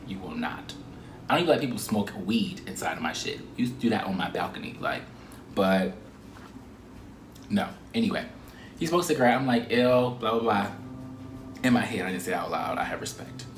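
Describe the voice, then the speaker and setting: A young man vlogging a casual storytime, animated and profane, with laughing asides. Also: medium pitch, a little hiss or hum. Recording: roomy echo.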